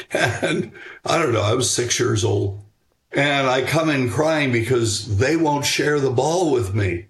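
An older man answering interview questions about raising children in a measured, reflective way, pausing on fillers and restarting sentences. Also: mid-range voice, animated, slight background noise. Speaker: guest author on parenting.

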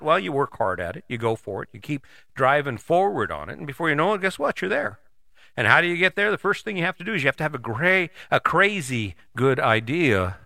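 A podcast host in his sixties addresses the listener directly in a motivational monologue, his fairly high, bright, forceful voice rising and falling with lots of life. He's blunt and folksy, swears casually, and jumps between voices for imagined people. The sound is close and dry with no echo.

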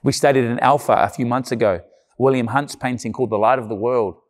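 A man's voice: medium pitch, steady tone, fast talker. A man preaching a sermon in an earnest, conversational way, with emphatic repeated phrases. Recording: long church-hall reverb.

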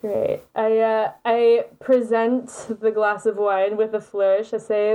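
A woman's voice: medium pitch, fairly even intonation, unhurried, hardly any pauses, mellow, clean tone. A woman playing a tabletop game who hesitates with fillers and then lays on the charm. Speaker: player.

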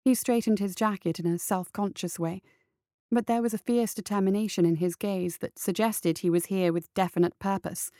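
Woman narrating a storybook, steady and measured, dry close mic, mid pitch. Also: no echo.

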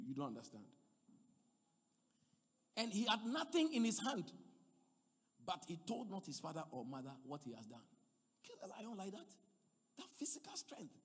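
A man preaching a sermon, swinging between loud emphatic passages and quiet asides. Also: mid-range voice, slightly rough, big-room sound.

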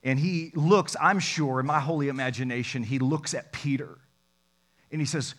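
A pastor preaching a lively sermon, mixing scripture reading with jokes, swinging between loud and soft. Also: male voice, medium pitch, normal speed. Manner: animated, jokey preaching with sudden loud and soft turns.

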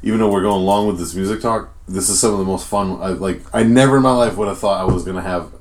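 Rambling low-voiced Rhode Island podcast host. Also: male voice, fast. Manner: profane, rambling, with many fillers. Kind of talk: casual podcast chat.

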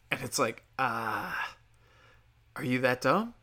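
A man's voice: mid-range voice, expressive, takes it slowly, pushed and bright. A man hosting his own talk show, delivering an angry, profane and sarcastic political rant. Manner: mocks others in put-on voices. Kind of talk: ranting political commentary.

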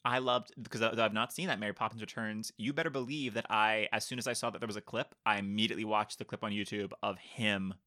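A young man with a bright, forward voice co-hosts a casual podcast. He jokes, tells anecdotes eagerly and jumps in with quick reactions. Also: lowish voice, fairly even intonation, dry recording, studio quality. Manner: enthusiastic, joking, quick reactions. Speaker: podcast co-host. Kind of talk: casual chat.

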